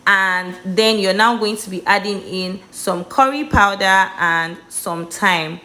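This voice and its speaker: Nigerian woman, cooking vlog host, mid pitch, chatty and emphatic. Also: takes it slowly, sharp tone. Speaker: cooking vlogger. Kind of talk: cooking tutorial voice-over.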